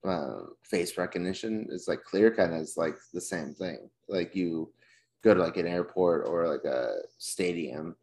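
Man, podcast co-host, very deep voice, laid-back casual chat, swears, moves topics along. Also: measured pace, darkish tone.

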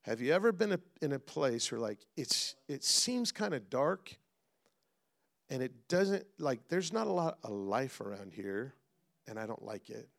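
Animated male preacher calling to the congregation. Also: medium pitch, measured pace, vocal fry. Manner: animated, calls out to the congregation, swings between loud and hushed. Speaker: pastor. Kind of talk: sermon.

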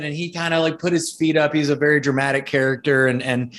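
A man's voice: fairly high pitch, little pitch movement, quick pace, fairly bright tone. A man being interviewed as an author and speaker, telling stories animatedly and often repeating words as he starts a sentence. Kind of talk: storytelling interview talk.

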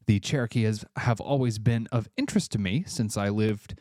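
A man from Tennessee hosts a casual solo podcast, tossing out offhand, chatty asides and sounding a bit congested. His lowish voice is slightly mellow at a moderate pace, recorded in clean studio sound with no room echo.

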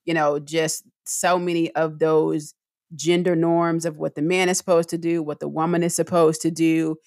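A middle-aged woman co-hosting a podcast in casual conversation, expressive, with her voice rising when she gets excited. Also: deep voice, moderate pace, no room sound, studio quality. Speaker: podcast co-host.

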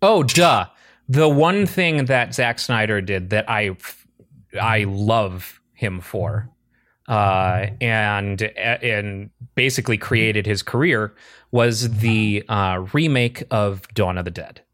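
A man with a slightly low voice in loose, casual chat. He is blunt and excitable, swearing freely as he riffs with his co-hosts. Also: slow, dry recording.

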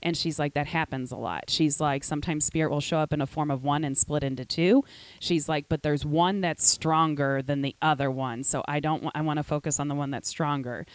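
Low-voiced woman telling a story. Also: fairly quick, no echo. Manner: animated storytelling, frequent swearing, acts out quotes. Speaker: podcast host. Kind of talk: casual chat.

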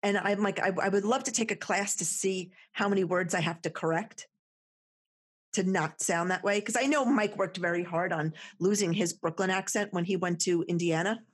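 A woman with a New Jersey accent in a casual chat, animated and laughing often. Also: on the low side, normal speed, slightly rough.

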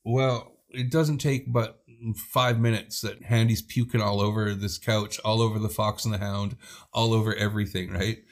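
A man's voice: on the low side, normal speed. A man co-hosting a podcast, telling a rowdy personal story in casual chat, swearing freely and acting out the people in it. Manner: profane, animated storyteller who acts out quoted people. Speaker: podcast co-host.

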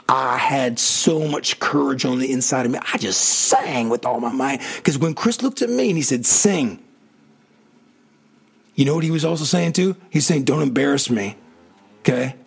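A man's voice: fairly high pitch, creaky, slightly rough. A man telling an emotional personal story in a casual way, acting out quotes and laughing often. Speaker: storyteller recalling his music past.

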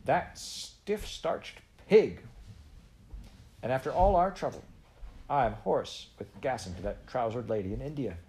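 A man's voice: fairly low pitch, fairly quick, hardly any pauses, darkish tone, a little hiss or hum, natural voice. A man reading a storybook and voicing a heated, indignant young boy. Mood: outraged. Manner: heated, exclaiming.

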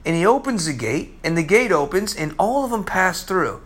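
High, bright-voiced animated male preacher. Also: normal speed, breathy edge. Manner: animated storytelling preacher, swinging from loud highs to hushed lows. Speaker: pastor. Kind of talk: sermon.

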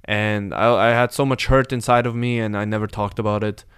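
A man's voice: on the low side, fairly even intonation, fairly quick, a bit bright, smooth, dry recording, studio quality. A man in his late twenties hosting a casual podcast, talking candidly and reflectively with some hesitation. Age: 20s. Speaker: podcast host. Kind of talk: casual chat.

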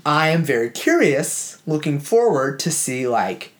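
A man's voice: fairly high pitch, big pitch swings. Casual man talking through a classic novel. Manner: conversational, with filler words and quick asides. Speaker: podcast co-host discussing a novel. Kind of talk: casual book discussion, reading passages aloud.

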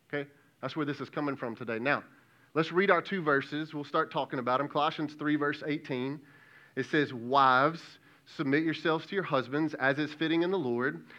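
A man's voice: a little high, fairly quick, a bit bright, lo-fi sound. A man in his thirties preaching a sermon as pastor, passionate and folksy, calling out to the congregation.

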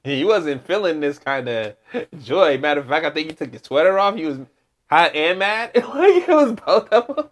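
A man's voice: fairly high pitch, sing-song, normal speed. A man co-hosting a sports podcast, teasing his partner and laughing often in casual chat. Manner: teasing, laughing, repeats words. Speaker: podcast co-host.

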